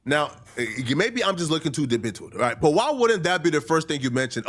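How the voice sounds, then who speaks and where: A man's voice: a little high, very animated, quick pace, few pauses, fairly bright tone. A man hosting a casual reaction stream, skeptical and slangy in his commentary. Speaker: commentary host.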